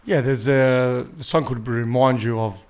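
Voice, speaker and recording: A man's voice: mid-range voice, fairly even intonation, a little slow, darkish tone. A man co-hosting a podcast, talking easily in casual chat with tags like "you know what I mean". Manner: easygoing, tag questions, fillers. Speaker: podcast co-host.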